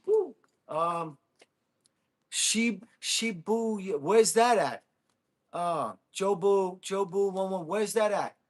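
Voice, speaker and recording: An American man hosting a casual livestream, chatting with viewers, thanking them and whooping with excitement. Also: high voice, takes it slowly. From United States. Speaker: livestream host.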